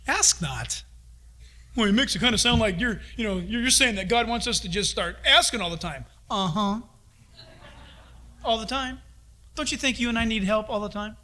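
Middle-aged man preaching; high, forceful, bright delivery, animated quotes. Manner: animated, acts out voices of God and his kids. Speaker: pastor. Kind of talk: sermon.

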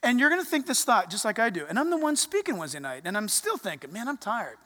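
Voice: mid-range voice, fast. A pastor preaching a conversational sermon in a church, acting out little quotes as the story goes. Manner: animated, conversational, acts out quotes. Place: church sanctuary. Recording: reverberant church hall.

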